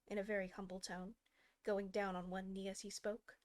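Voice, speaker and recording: A woman reading a classic children's book aloud as an audiobook, with expressive, varied pacing. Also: mid-range voice, moderate pace. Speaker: audiobook reader. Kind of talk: scripted audiobook narration.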